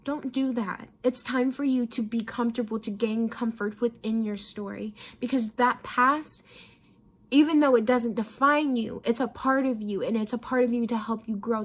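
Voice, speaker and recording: A woman's voice: fairly high pitch, fairly even intonation, normal speed. A young woman giving a tarot reading, emotional and casual, often repeating herself and swearing freely. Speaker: tarot reader. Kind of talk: pick-a-card tarot reading.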